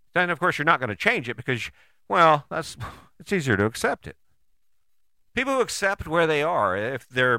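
Here a man with a sharp, fairly high voice talks with no echo around him. Folksy and chatty, he gives an easygoing motivational talk, often ending lines with "right?" and slipping into quick impressions of quoted people.

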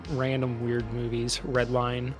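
A man with a mid-range voice co-hosts a podcast in a relaxed, dry tone. He swears casually and pauses on fillers while he thinks. Faint music plays under the talk. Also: medium pitch. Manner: laid-back, dry, swearing, hesitant fillers. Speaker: podcast co-host. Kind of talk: casual movie review chat.

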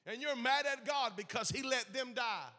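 A man's voice: very high voice, moderate pace, pushed and bright. A man pastor preaching a sermon with passionate, emphatic repetition. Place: church sanctuary. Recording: echoey church hall.

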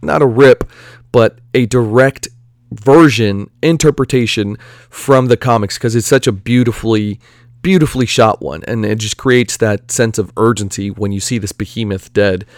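A man giving casual, rambling commentary on superhero movies, excitable and full of asides and fillers. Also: fairly low pitch, normal speed, no room sound, clean studio sound.

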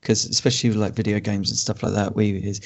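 A man co-hosting a film podcast, asking relaxed, wry questions. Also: on the low side, quick pace, vocal fry. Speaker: podcast co-host. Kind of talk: casual film review chat.

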